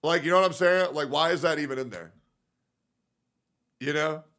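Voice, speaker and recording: A man's voice: fairly high pitch, moderate pace, fairly bright tone. A young man streaming in casual commentary, reacting to posts in a profane, filler-heavy, muttering way.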